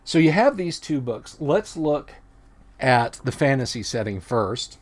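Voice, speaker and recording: Middle-aged guy doing a chill livestream, rambly and chatty, keeps correcting himself, pretty ordinary pitch. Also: big pitch swings, measured pace. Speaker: livestream host. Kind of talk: casual livestream chat.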